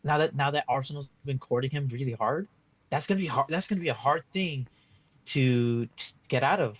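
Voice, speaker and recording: A man's voice: medium pitch, a little fast, lo-fi sound. A man giving a casual post-match fan reaction, rambling and frustrated, full of restarts and "like" fillers. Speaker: football fan being interviewed.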